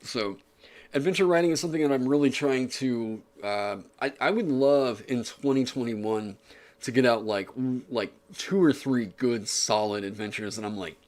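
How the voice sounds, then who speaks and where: A man's voice: mid-range voice, moderate pace, a little mellow. A man chatting casually on his livestream, rambling with lots of fillers in an upbeat way. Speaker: streamer. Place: home streaming setup.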